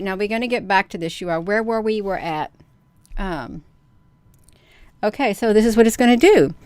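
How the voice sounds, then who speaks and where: A woman's voice: medium pitch, smooth, no room sound. A woman hosting a casual livestream, chatting with viewers, addressing them as "you all" and reading news aloud with her own comments. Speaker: livestream host.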